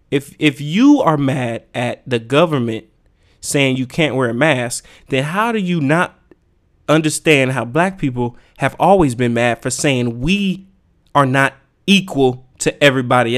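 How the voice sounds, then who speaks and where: A man's voice: medium pitch, expressive, unhurried, fairly bright tone. A man hosting a podcast, delivering a heated, profane solo rant full of emphatic rhetorical questions. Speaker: podcast host. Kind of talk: casual ranting monologue.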